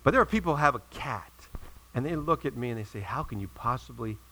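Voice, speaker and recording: A male pastor preaching a sermon in a church, telling a story and rising to loud emphatic peaks before dropping to quiet asides. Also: fairly high pitch, sing-song, quick pace, slight background noise, rough recording.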